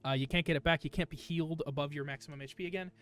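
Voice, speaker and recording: A man with a high voice runs a tabletop game as its game master. He explains the rules patiently and in a loose, everyday way, filling his sentences with "uh"s. His pitch sits well above that of most men. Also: fairly even intonation, racing, a bit bright, faint music behind. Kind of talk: running a tabletop game over voice chat.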